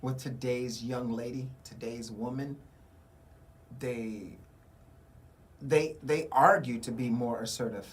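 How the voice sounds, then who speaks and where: Male radio host, casual chat, animated storyteller who plays every part. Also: mid-range voice, takes it slowly, pauses often. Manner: animated storyteller acting out dialogue. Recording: community radio studio.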